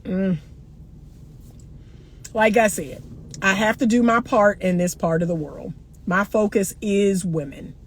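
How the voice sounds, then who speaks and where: A woman's voice: medium pitch, takes it slowly, pauses often, a little hiss or hum. A middle-aged woman relationship coach talking bluntly and animatedly to viewers, laughing often. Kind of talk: live-stream chat answering comments.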